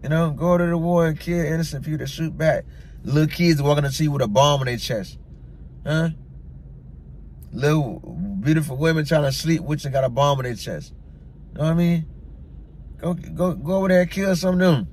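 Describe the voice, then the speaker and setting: A man's voice: on the high side, fairly quick, darkish tone, slight background noise. Blunt, repetitive man ranting his opinions. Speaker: vlogger. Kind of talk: opinion rant to camera.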